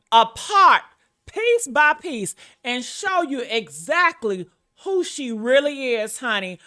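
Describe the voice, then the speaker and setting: Woman, gossip commentary rant, sassy and brash, high bright voice, unhurried delivery. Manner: sassy, brash and profane, calls listeners y'all and honey.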